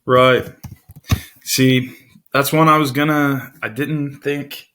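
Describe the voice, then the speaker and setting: A man's voice: mid-range voice, fairly even intonation, takes it slowly, pushed and bright. A man hosting a casual tabletop game draft, thinking aloud and hesitating over his picks. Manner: thinks aloud, hesitant, counts under breath. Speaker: tabletop game channel host. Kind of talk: casual chat.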